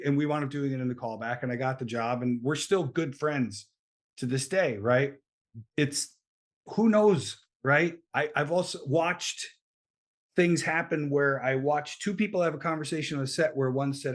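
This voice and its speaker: Middle-aged guy telling showbiz stories, acts out the voices, super animated. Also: mid-range voice, normal speed. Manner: animated storyteller who acts out quoted lines. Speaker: podcast guest, actor and comedian. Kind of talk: casual chat.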